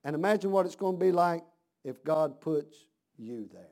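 A man preaching a sermon, dropping to a hush and then rising to shouts with slow, drawn-out emphasis. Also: a little high, lively intonation.

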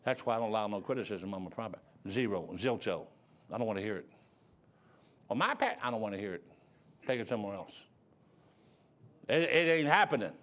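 Man, pastor, sermon, folksy storytelling, low asides and loud exclaiming. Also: lively intonation, a little fast, pauses often.

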